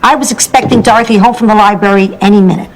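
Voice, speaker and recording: A woman playing a feisty, wisecracking elderly mother, telling stories in a blunt, sharp-tongued way in a sitcom. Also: mid-range voice, fast talker, slight background noise, lightly acted, poor audio. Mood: storytelling. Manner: sharp-tongued storytelling with punchlines. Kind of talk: sitcom acting.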